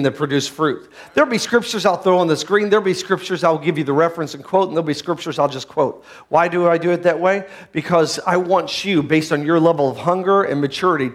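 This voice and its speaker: High-voiced man preaching with fire. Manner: dynamic preaching, swings from low and quiet to loud shouts; has the congregation repeat phrases after him. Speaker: pastor. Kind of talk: sermon.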